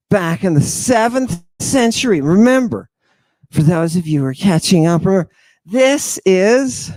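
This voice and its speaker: A man's voice: on the high side, darkish tone, dry recording. Theatrical, emphatic male lecturer. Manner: emphatic, repeats key words, fires rhetorical questions. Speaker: lecturer and host.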